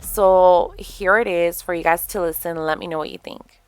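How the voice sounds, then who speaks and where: A woman in her thirties hosts a casual podcast, telling stories animatedly with plenty of fillers and a few Spanish phrases mixed in. Her voice is lowish and smooth at a moderate pace, with faint music behind her.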